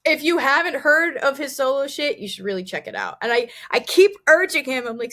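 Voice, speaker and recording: A young woman, a band singer, chatting casually as an interview guest, telling stories with lively quoted dialogue and casual swearing. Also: sits high, brisk. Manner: animated storyteller, swears casually, quotes others.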